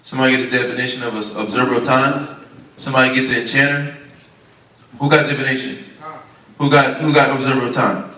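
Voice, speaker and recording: Relaxed male study leader, questions the class, roomy and off mic. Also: medium pitch, fast talker. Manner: casual, questioning the group, informal speech. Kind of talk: Sabbath Bible study teaching. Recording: echoey room, far from mic.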